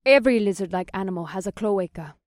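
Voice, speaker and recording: A man's voice: high voice, animated, quick pace, dry recording, studio quality, pitched above the performer's own voice. A man voicing Zenda, a scholarly young woman, in an audiobook reading.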